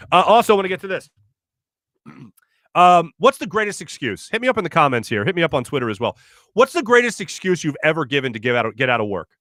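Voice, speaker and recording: A man in his thirties hosting a sports talk show, rambling in an animated way and correcting himself as he goes. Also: sits high, dry recording, clean studio sound. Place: radio studio.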